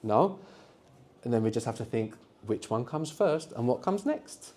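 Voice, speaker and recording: Encouraging male language teacher, mellow voice. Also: medium pitch, expressive, unhurried. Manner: encouraging, quizzes the group with frequent tag questions. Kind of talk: live workshop teaching. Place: classroom with students.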